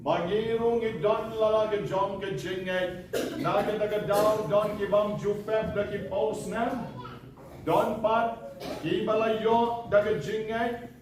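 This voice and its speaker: A man, a priest, giving a sermon at a novena Mass in a slow, measured way. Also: sits high, flat delivery. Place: large church hall. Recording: echoey church sound from a distant mic, noisy.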